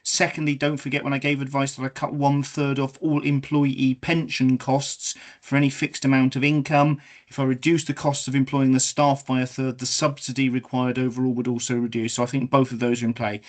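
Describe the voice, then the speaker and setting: A man giving measured technical advice to a council meeting. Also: medium pitch, flat delivery.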